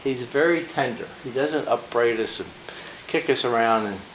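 An older man gives a casual devotional talk as a preacher, speaking at normal speed in a mid-range, fairly bright voice. His personal stories come out folksy and chatty, with plenty of laughs and fillers, in an echoey room with faint background noise.

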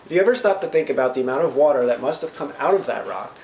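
A man preaching a sermon, reading scripture slowly and paraphrasing it, often asking the congregation "right?". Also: mid-range voice, expressive, darkish tone, slight background noise. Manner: asks the congregation questions, frequent "right?". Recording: roomy echo, faint ambience.

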